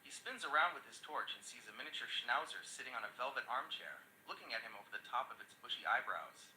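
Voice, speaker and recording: A man's voice: medium pitch, expressive, fast talker, sharp tone, echoey room, a little hiss or hum, rough recording. A male synthetic voice telling jokes in an upbeat, chatty storytelling manner. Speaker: AI joke teller. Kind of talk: scripted joke narration.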